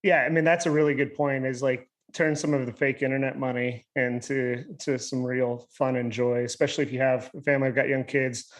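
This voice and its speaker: A man's voice: medium pitch, little pitch movement, a little fast, few pauses. Male panelist, 30s, mid-range voice, chatty and upbeat. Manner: chatty, upbeat, talks at length. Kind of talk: virtual panel discussion.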